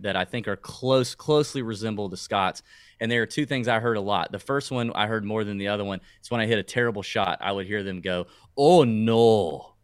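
A man's voice: lowish voice, a bit bright, clear, resonant tone, dry recording, studio quality. A man co-hosting a casual sports talk podcast, rambling and hesitant, with frequent restarts. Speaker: podcast co-host.

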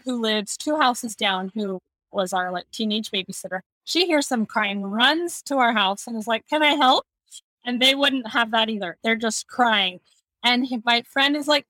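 A woman guest on a podcast who tells a story in an animated way and laughs as she talks. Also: on the high side, no echo. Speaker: podcast guest, communications manager. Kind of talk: conversational storytelling.

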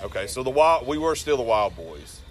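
A man hosting a casual talk around a campfire, telling animated stories, swearing freely and laughing as he goes. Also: mid-range voice, normal speed, crowd noise. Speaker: podcast host and wrestler. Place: outdoors around a fire.

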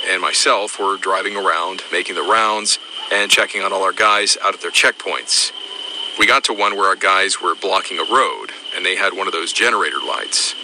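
Low-voiced man narrating creepy stories. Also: noisy background. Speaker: narrator of a military paranormal podcast. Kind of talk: scripted storytelling narration.

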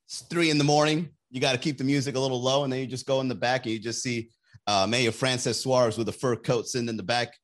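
A man ranting casually and comedically as a podcast host, loose and slangy, swearing and laughing at his own jokes. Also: mid-range voice. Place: Miami area.

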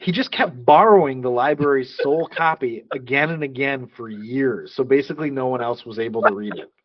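A man co-hosts a laid-back movie podcast, working through trivia notes with plenty of ums and restarts. His voice sits at an ordinary pitch. The sound is dry and close, a little muffled. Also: a little fast, no room sound. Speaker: podcast co-host. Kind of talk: casual movie podcast chat.

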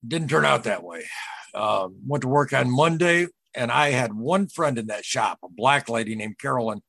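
A man with a husky, slightly rough voice shares a personal account on a podcast in casual storytelling. He speaks earnestly and haltingly, circling back to repeat what others told him. The recording is close and dry. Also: medium pitch, lively intonation, a bit bright, dry recording. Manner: earnest, halting, retells dialogue. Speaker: podcast guest.

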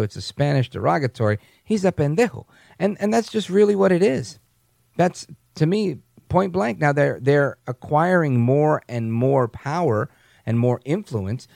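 Gravelly, animated talk radio man. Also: medium pitch, dry recording, clean studio sound. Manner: animated, mocking asides, frequent restarts. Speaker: radio talk show host. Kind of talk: opinionated talk radio commentary.

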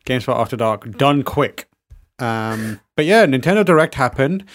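A man's voice: medium pitch, lively intonation, moderate pace, dry recording, clean studio sound. Upbeat jokey male podcast host. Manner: jokey, upbeat, introduces guests. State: numb face from the dentist. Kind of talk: casual podcast chat.

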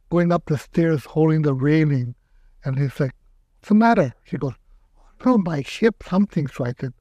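A man's voice: fairly high pitch, dry recording. An older man, an aikido teacher, telling stories in a casual interview and acting out what people said. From Hawaii. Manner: animated, acts out quotes in raised voice.

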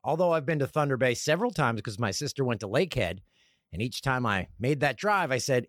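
A man from Canada hosting a solo comedic podcast, talking in an animated, sarcastic way and slipping into mock voices. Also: mid-range voice, brisk, dry recording, clean studio sound. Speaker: podcast host.

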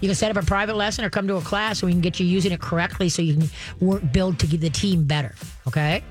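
A woman's voice: fairly low pitch, fairly even intonation, quick pace, soft background music. A woman who hosts a call-in advice show as a dog trainer, talking in a folksy, emphatic way and using playful sayings.

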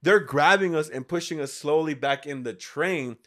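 A man in his thirties telling a story in casual podcast talk, animated and full of swearing. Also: a little high, moderate pace. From United States. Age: 30s. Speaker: podcast guest.

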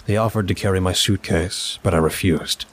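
A man narrating a first-person story in a measured, dry way. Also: low-pitched, fairly even intonation.

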